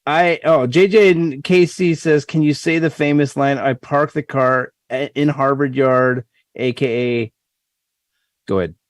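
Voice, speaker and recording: A man's voice: fairly high pitch, steady tone, unhurried, dry recording, clean studio sound. Wisecracking man reading chat comments. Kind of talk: casual group chat.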